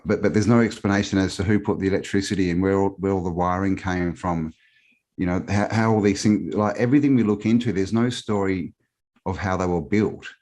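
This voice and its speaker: A man's voice: low voice, fairly even intonation, a little fast, a little mellow. A man with an Australian accent, a guest on a live online show, talking casually and rambling with many fillers. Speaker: podcast guest.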